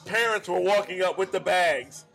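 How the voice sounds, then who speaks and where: A man hosting a casual bar podcast, telling a profane, animated story. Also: high voice, normal speed, creaky, music in the background. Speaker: podcast host.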